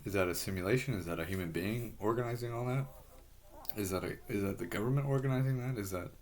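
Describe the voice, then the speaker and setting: A man in a rambling personal monologue, halting and frustrated, swearing heavily as he talks. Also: fairly low pitch.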